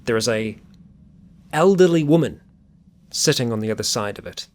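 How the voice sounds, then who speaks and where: A man's voice: medium pitch, lively intonation, moderate pace. A man narrating a tabletop game as game master, describing scenes in a rambling way full of fillers.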